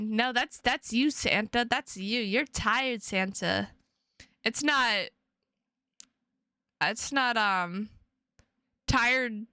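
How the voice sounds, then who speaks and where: A young woman streamer rambles playfully to her chat, repeating words and drifting between topics. Her voice is bright and fairly high, and she talks at a slow, easy pace. The sound is dry and close to the mic. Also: clear, resonant tone, dry recording. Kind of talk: casual chat with stream viewers.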